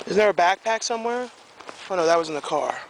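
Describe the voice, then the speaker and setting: A young man with a hoarse voice, chatting and joking to camera in a casual vlog, recorded on a camcorder. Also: high-pitched, expressive, fast talker, low-quality recording. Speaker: vlogger. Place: outdoors in woods, then indoors at home. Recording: faint background noise.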